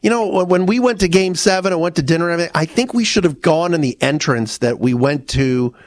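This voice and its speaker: A man's voice: on the high side, expressive, fast talker, no room sound. A man co-hosting a casual chat who halts, repeats himself and retells past conversations. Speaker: podcast co-host.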